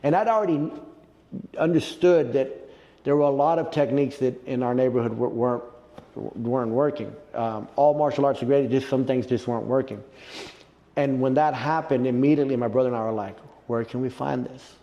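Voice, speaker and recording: A man in a casual interview, telling a story with animated retelling and quoted reactions. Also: mid-range voice, a little fast, long reverb tail, muffled recording. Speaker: interview guest, jiu-jitsu black belt.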